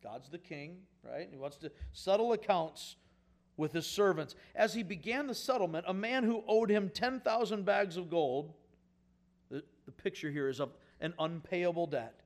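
A male pastor preaching a sermon in a conversational, folksy way, swinging from quiet asides up to emphatic, louder points. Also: moderate pace. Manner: rises in pitch and volume for emphatic points, drops to quiet asides.

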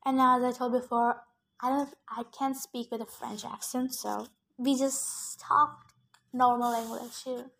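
High-voiced woman reading a novel aloud. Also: steady tone, measured pace, vocal fry, fairly bright tone. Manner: plain narration with chatty asides about her own misreadings. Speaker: reader.

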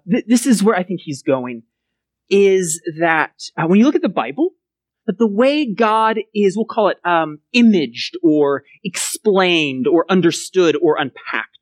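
A Texas pastor with a medium-pitched voice delivers a sermon in a chatty, conversational style, often checking in with listeners by asking "right?" The recording is dry.

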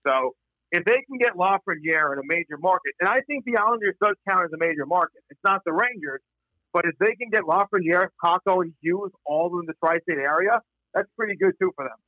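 A man's voice: sits high, no room sound, highs cut off. A man talking hockey in a casual panel chat, stumbling and restarting as he argues his points. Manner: halting, many restarts.

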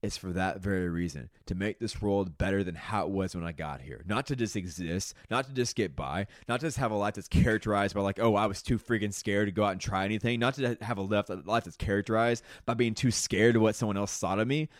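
A young man with a lilt gives a motivational monologue on his own podcast. He talks in an earnest, casual way and keeps dropping "dude" and "y'all." His voice sits fairly low, and it was recorded close and dry with no room sound. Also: fairly quick, hardly any pauses, no echo. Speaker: podcast host.

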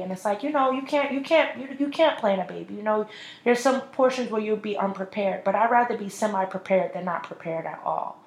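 A woman's voice: medium pitch, fairly quick. A woman in her twenties hosting a solo podcast, ranting bluntly and with lots of profanity. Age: 20s. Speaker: podcast host. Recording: echoey room.

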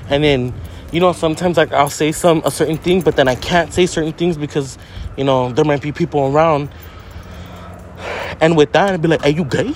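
A man's voice: a little high, fairly even intonation, fairly quick, a little hiss or hum. A young man talking casually and profanely in a brash, joking manner from a parked car. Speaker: vlogger. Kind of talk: casual monologue vlog.

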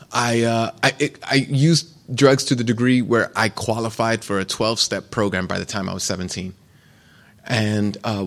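A man in his forties or fifties from the United States, giving a candid, conversational personal testimony as a retreat speaker. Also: on the low side. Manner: candid, conversational, loose storytelling.

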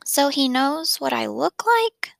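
A woman reading the part of a shy, anxious young boy in a soft, half-whispered voice. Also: sits high, sing-song, slow pace, creaky, dry recording, studio quality, voice pushed up, heavily acted. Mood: anxious, pleading.

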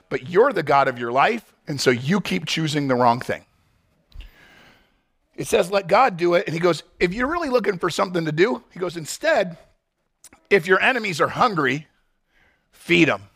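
A male pastor preaches in a church, his voice a touch high and full of gravel. He swoops up and down in pitch, jumping into quick acted-out bits between points. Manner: animated, acts out quick scenes and voices. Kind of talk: sermon.

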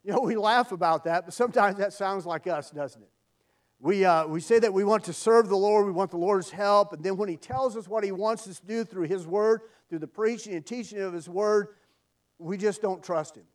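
Earnest higher-voiced male preacher, emphatic evening sermon, distant mic. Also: moderate pace.

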